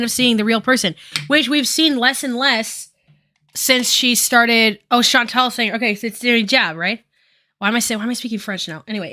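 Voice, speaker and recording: A woman's voice: on the high side, bright, forceful tone. A woman giving casual stream commentary while doing her makeup, rambling with lots of fillers and casual swearing.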